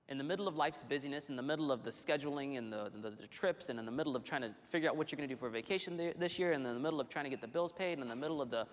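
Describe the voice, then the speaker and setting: A male pastor preaching a sermon in a church, telling the story in an animated, conversational way with frequent restarts. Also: medium pitch, very fast, hardly any pauses. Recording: long hall reverb.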